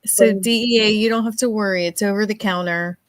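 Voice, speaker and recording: A woman's voice: medium pitch, steady tone, fairly quick, no echo. Giggly woman chatting on a live stream. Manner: giggly, teasing, laughs often. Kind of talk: casual chat.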